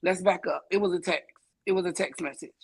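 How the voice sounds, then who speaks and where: A woman's voice: on the low side, fairly even intonation, fast, breathy edge. A woman calling into a livestream, insistently retelling what happened and correcting herself. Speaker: livestream caller. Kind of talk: casual livestream talk.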